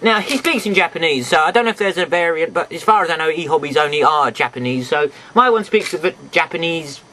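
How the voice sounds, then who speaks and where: A man's voice: fairly high pitch, quick pace, sharp tone, rough recording. A man giving a casual toy review to the camera, rambling and chatty, talking straight to his viewers from home. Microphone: camera mic, sometimes off camera.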